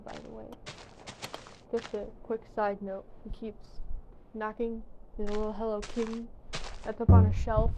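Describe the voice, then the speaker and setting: A young woman rambling casually in a vlog, tired and yawning, swearing now and then. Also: mid-range voice. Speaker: vlogger. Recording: dull lo-fi sound with faint background noise.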